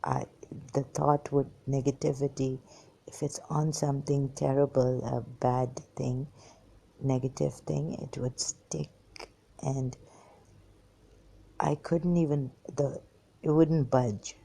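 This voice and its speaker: An exhausted woman talking into a hand-held phone in a halting, hesitant way, often slipping into whispers. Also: rumbling low, fairly even intonation, creaky, dark tone, breathy edge. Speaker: vlogger. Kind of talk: personal monologue to camera.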